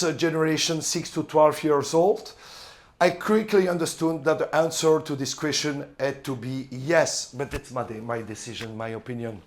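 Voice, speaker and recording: A middle-aged man with a French accent, a volleyball coach lecturing other coaches, halting and searching for words with many fillers. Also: a little high. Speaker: volleyball coach giving a seminar talk.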